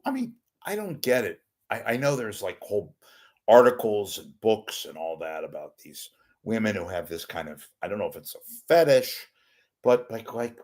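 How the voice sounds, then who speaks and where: A man hosting a live online talk show, rambling through wisecracking solo commentary that swings between loud outbursts and muttered asides. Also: on the low side.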